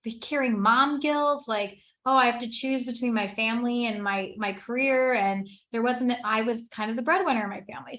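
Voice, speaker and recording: A woman's voice: fairly high pitch, fairly bright tone. A woman in her thirties giving an earnest, conversational personal testimony as a wellness business presenter, with many "like" fillers.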